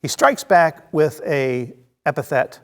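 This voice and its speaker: A man teaching a Bible study to a congregation, telling the story lively and acting out scenes, with many fillers and restarts. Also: a little high, slow pace. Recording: long reverb of a hall.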